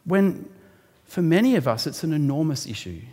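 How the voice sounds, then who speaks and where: A man preaching a sermon, explaining a Bible passage in an animated way and rising sharply for emphasis. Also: fairly high pitch, moderate pace. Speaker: pastor. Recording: long hall reverb.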